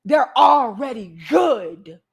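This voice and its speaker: A woman's voice: sits high, animated, slow pace, vocal fry. A woman hosting a livestream, delivering an emphatic, profane, preachy rant to her viewers. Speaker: livestream host.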